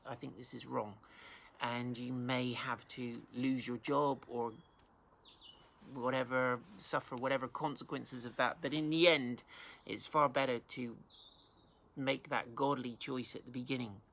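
A male pastor from England with a bright, forward tone and a gravelly edge, talking through a Bible chapter. He reads the verses out and then explains them in plain, everyday words. A faint hiss sits under the recording. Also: mid-range voice, steady tone, unhurried. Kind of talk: informal Bible teaching.

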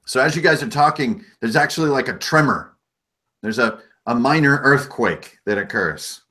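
A man's voice: mid-range voice, moderate pace, bright, forceful tone. A man narrating a tabletop game as game master, easygoing and loose.

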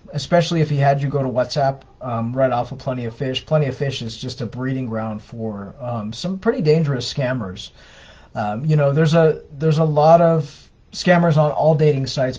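A man co-hosts a live Q&A stream, answering viewer questions with casual, conversational advice full of fillers and restarts. His voice is a little high and a little mellow, captured in dull lo-fi livestream audio.

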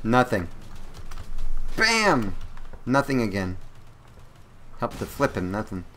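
A man calls out a game as he plays, his pitch leaping up and down as he exclaims. He talks at an unhurried pace between outbursts, with keyboard typing faintly behind him. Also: slight background noise. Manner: excitable, exclaiming and laughing at the action. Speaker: gameplay commentator. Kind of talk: casual gameplay commentary.

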